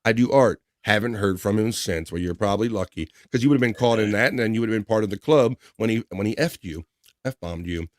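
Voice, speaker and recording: Reading viewer comments on a casual livestream, a middle-aged male host talks fast in a fairly low voice. He's upbeat and chatty and laughs frequently.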